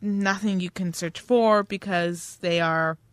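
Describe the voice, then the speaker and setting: A woman's voice: lowish voice, fairly even intonation, slow pace, no echo. A young woman co-hosting a podcast, casually recapping a play's plot and joking at her own expense. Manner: self-deprecating, recaps plot, laughs often. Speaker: podcast co-host. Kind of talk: casual book discussion chat.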